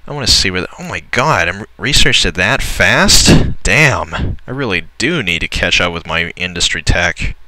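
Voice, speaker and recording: A man's voice: low voice, lively intonation, normal speed, few pauses, sharp tone, dry recording, poor audio. A young man commenting on a strategy game as he plays, grumbling and swearing at the computer opponents. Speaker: let's player. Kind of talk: gameplay commentary.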